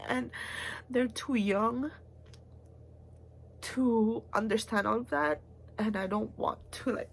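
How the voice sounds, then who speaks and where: A woman's voice: a little high, slow, vocal fry, long pauses, slightly rough. A young woman, talking in a rambling, heartfelt personal vlog with many fillers and restarts, at times close to tears. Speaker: vlogger.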